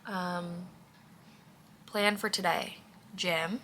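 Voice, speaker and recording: Woman rambling on her vlog, lots of likes, kinda fry-y, bright tone. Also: fairly low pitch, fairly even intonation, very slow, a little hiss or hum. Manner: rambling and gushing, heavy use of "like". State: out of breath. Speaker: vlogger. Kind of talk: casual chatty vlog.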